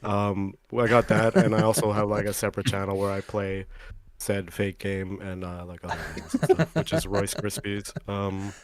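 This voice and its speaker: Laid-back man with a deep voice. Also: level tone, moderate pace, crowd noise. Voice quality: low, deep voice. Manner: laid-back, laughs often. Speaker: podcast co-host. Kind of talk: casual chat.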